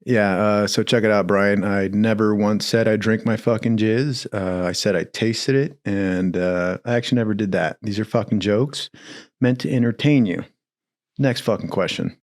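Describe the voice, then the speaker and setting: A man in casual storytelling, swearing freely, laughing often, and acting out quoted lines in a higher voice. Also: moderate pace. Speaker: podcast storyteller.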